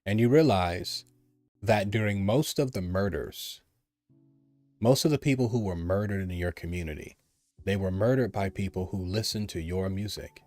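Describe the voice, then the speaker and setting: A man from the United States talks in a forceful, repetitive monologue and hammers his points home. His voice sits on the low side. The recording is dry and close, with faint music underneath. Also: moderate pace, dry recording. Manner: emphatic and repetitive, mimics others in a raised voice. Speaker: commentator. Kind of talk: personal opinion monologue.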